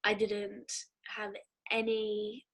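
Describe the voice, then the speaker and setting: A woman guest speaks in a hesitant, halting way. Her voice stays level and flat in pitch, and her tone is easygoing and casual. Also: low-quality recording. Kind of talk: casual chat.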